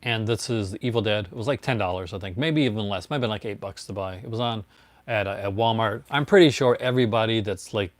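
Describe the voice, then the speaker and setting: On a casual livestream, a man shows off his disc collection, rambling, laughing a lot and greeting viewers by name. His voice is fairly low and fast, and the recording is dry.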